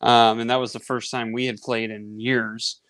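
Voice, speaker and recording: A man's voice: medium pitch, moderate pace, smooth, no room sound. A man in his thirties, hosting a sports podcast and telling a long casual story with lots of fillers. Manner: rambling, animated anecdote with many fillers. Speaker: podcast host.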